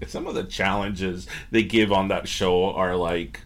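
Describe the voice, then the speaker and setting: A man's voice: deep voice, fairly even intonation, takes it slowly. A man co-hosting a casual podcast, asking questions and tossing in playful teasing remarks. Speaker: podcast co-host.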